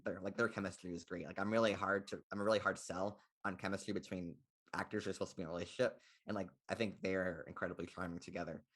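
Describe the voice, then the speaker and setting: Young male podcast co-host, low voice, rapid rambling delivery. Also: fairly bright tone, breathy edge. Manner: rambling, heavy use of "like" fillers. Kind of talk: casual film chat.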